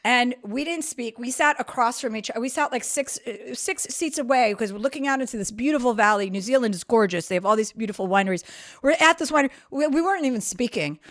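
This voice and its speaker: A woman's voice: on the high side, quick pace, dry recording, clean studio sound. A woman guest on a podcast, telling a long story in casual, swearing chat that keeps building into rants. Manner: profane, animated storyteller, rants with rising volume.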